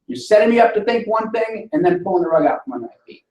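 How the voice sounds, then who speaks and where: A man's voice: high-pitched, expressive, fast talker, darkish tone. A man teaching a classroom lesson on grammar, explaining step by step and often checking in with the class. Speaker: instructor. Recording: roomy sound from a distant mic.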